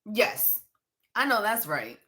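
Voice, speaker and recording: A woman's voice: mid-range voice, sing-song, slow pace, sharp tone. Blunt, profane woman streaming live. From Pennsylvania, USA. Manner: blunt and profane, laughs often, answers viewer comments. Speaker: livestream host and psychic reader. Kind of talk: casual livestream chat.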